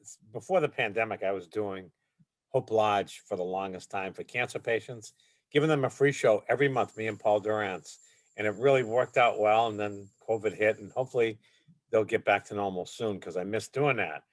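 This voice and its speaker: A man's voice: lowish voice, brisk, no room sound. A man, a comedian guest, chatting casually and joking through an interview.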